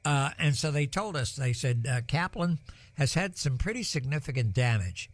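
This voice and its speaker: Older folksy broadcaster, dry sound. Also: male voice, mid-range voice, expressive, moderate pace, no room sound. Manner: rambling, many ums and uhs, folksy. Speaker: broadcast weather host. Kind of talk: live storm coverage, storytelling.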